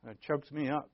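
A man preaching a sermon as pastor, talking in a conversational way and joking with the congregation. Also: on the high side. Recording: dull lo-fi recording.

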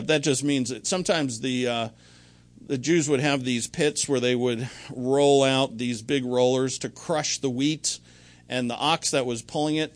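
A middle-aged man preaching a sermon in a conversational, rambling way, full of anecdotes and restarts. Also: medium pitch. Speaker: pastor.

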